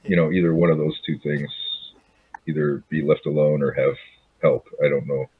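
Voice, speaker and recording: A man's voice: rumbling low, fairly even intonation, moderate pace, husky. A man as a player in a tabletop role-playing game, asking unsure questions over a tinny call line.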